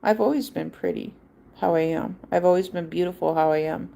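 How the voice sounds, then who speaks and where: A woman's voice: on the low side, brisk, gravelly, warm tone. A woman hosting a livestream, telling a personal story in a rambling, emphatic way and repeating her points. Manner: acts out quoted voices. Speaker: livestream host. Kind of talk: casual personal monologue.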